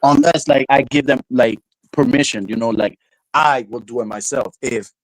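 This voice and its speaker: A man's voice: medium pitch, fairly even intonation, normal speed, dry recording, poor audio. A man hosting a casual livestream chat, talking loosely in slang and laughing often. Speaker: livestream host.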